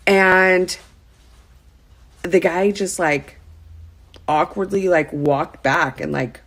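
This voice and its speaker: Chatty and full of "like" fillers, a lifestyle vlogger in her thirties recounts a personal story in a casual vlog, her voice mid-range and a bit bright.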